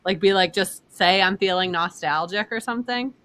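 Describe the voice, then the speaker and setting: A woman's voice: mid-range voice, moderate pace, a bit bright. A woman in a casual meeting over a video call, asking questions and chatting with fillers.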